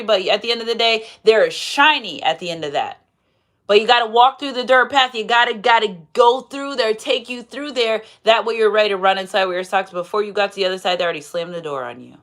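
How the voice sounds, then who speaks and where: Animated, playful woman reading tarot. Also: on the high side. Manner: animated, playful, frequent laughter and asides. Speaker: tarot reader. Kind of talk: casual live tarot reading.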